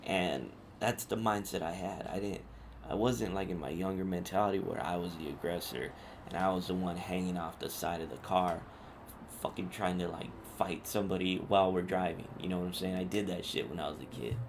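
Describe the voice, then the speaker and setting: Gravelly profane man telling a story. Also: low-pitched, a little fast, background noise. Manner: profane, street slang, animated retelling. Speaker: podcast host. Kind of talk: casual storytelling monologue.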